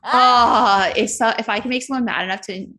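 A woman's voice: a little high, fairly quick, pushed and bright. A woman co-hosting a podcast, reacting with exclamatory banter during a TV recap. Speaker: podcast co-host. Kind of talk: casual TV episode recap.

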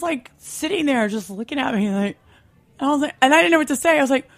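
A woman's voice: high voice, brisk. A woman guest on a radio show, telling a funny story with lots of swearing and acted-out quotes. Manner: animated storyteller, swears freely, acts out quotes. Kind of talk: casual chat and storytelling.

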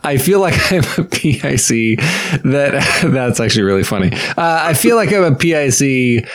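A man's voice: mid-range voice, very animated, normal speed. Exasperated man venting sarcastically. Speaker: podcast co-host. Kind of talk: casual chat.

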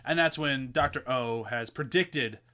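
A man co-hosting a podcast in casual chat, animated, swearing and acting out quotes. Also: mid-range voice, measured pace. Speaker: podcast co-host.

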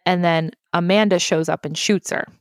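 Dry, lively woman recapping a movie. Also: on the low side, dry recording. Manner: animated, swearing, quick to laugh. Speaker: podcast co-host. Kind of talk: casual movie recap chat.

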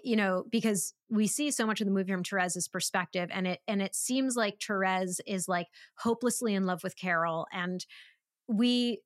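A woman co-hosts a relaxed podcast chat about a film, her talk full of "like" and "um" as she restarts her sentences. The sound is dry and close. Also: mid-range voice, moderate pace, no echo. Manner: chatty, many fillers and restarts. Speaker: podcast co-host. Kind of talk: casual film discussion.

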